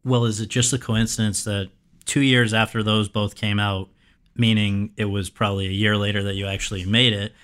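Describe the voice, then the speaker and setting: A man's voice: on the low side, level tone, fairly quick, fairly bright tone, clear, resonant tone. A man hosting an interview, asking long, effusive, conversational questions. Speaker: host.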